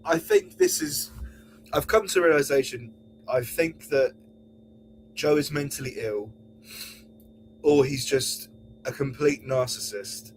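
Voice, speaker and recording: A man hosting a podcast, ranting angrily and swearing, sometimes mocking others in a high voice. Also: unhurried, pauses often, slight background noise, poor audio. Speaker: podcast host. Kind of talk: heated podcast rant.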